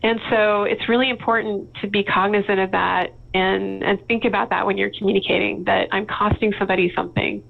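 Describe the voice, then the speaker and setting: A woman's voice: mid-range voice, steady tone, a little fast, creaky, few pauses. A woman guest in a casual interview, telling candid work stories and laughing often. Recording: tinny phone-like line.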